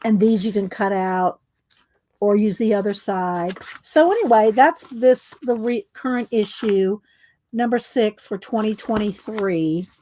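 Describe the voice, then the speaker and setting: A woman's voice: mid-range voice, unhurried, warm tone. A middle-aged woman chatting casually while showing her craft supplies, rambling with asides and fillers. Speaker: craft vlogger. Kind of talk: casual craft show-and-tell.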